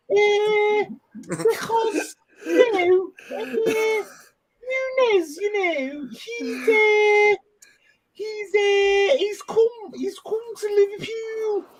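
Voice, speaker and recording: A shrill, squeaky spokesman, as a man puts him on for laughs, dragging each word out very slowly. He hesitates constantly and wavers into shouts. The pitch sits far above a normal man's voice. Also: steady tone, crowd noise, full character voice. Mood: mock earnest. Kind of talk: comic impression on a podcast.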